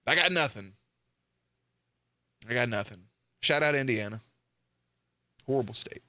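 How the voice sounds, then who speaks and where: A man's voice: medium pitch, expressive, unhurried, sharp tone, no echo. A young man giving casual, blunt reaction commentary to a video, swearing freely and joking.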